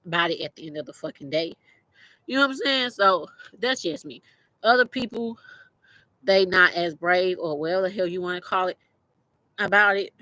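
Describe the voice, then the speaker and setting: In a rough recording with no room sound, a young adult woman hosting a podcast gives a casual motivational monologue. Her voice sits on the low side with a sharp tone. She's teary-eyed, blunt, profane and rambling, with frequent restarts.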